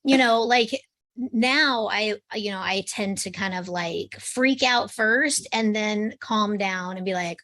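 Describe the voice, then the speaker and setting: A woman co-hosting a spiritual podcast, talking in an animated, candid way and laughing easily. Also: medium pitch, takes it slowly. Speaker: podcast co-host.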